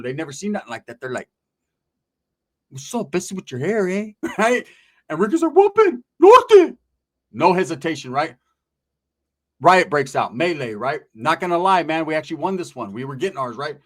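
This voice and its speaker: A man spinning a profane comic story, casual and animated. His voice sits high and swings widely in pitch as he jumps between scenes. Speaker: stand-up storyteller. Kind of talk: comedic storytelling.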